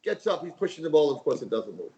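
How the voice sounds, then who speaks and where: A man, a rabbi, telling a parable as a guest on a talk show, lively and repetitive. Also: on the high side, very fast, muffled recording. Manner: animated storyteller, repeats phrases.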